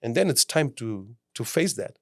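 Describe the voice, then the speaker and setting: A man's voice: mid-range voice, big pitch swings, normal speed, a bit bright. A man from Greece, a guest mentor giving a passionate motivational podcast talk in English, often acting out the voices of people he quotes. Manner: non-native phrasing.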